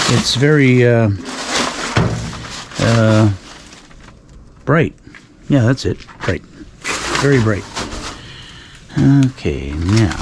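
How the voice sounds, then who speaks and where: Dry sarcastic man rambling outdoors. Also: medium pitch. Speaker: dumpster-diving vlogger. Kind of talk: casual night vlog narration. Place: outdoors at night by dumpsters. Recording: outdoor recording with clear background noise.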